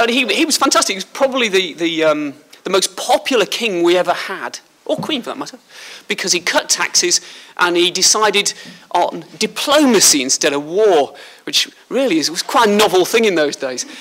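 A man from Liverpool with a slight Liverpool accent gives a school talk as a surgeon, chatty and joking with the pupils. His voice sits a bit high for a man and sounds bright and forceful. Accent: Liverpool English. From Liverpool, England. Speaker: guest speaker, surgeon. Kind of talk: school speech. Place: school hall.

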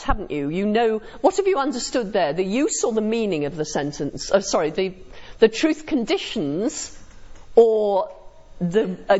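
Her voice fairly high and darkish, a woman teaches a philosophy class in a chatty style, often tacking on tag questions to see if students follow. The classroom recording is dull and lo-fi.

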